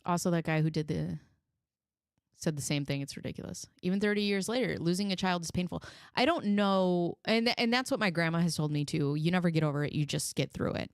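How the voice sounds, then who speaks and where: Chatty low-voiced woman streamer. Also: fairly quick, no room sound, studio quality. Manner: chatty, rambling, heartfelt. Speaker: live stream host. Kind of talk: casual commentary.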